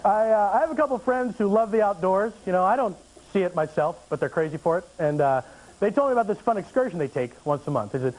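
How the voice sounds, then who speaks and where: A man doing a stand-up comedy set on a TV studio stage, animated with deadpan asides and frequent fillers. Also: sits high, quick pace, slight background noise, low-quality recording. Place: TV studio stage before an audience.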